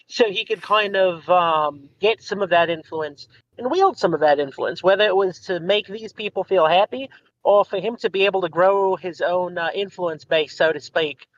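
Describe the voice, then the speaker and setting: A man's voice: high-pitched, fairly bright tone. A man from the United States, a podcast guest, chatting casually and rambling with many ums and restarts over an online voice call. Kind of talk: casual chat. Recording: dull lo-fi voice call audio.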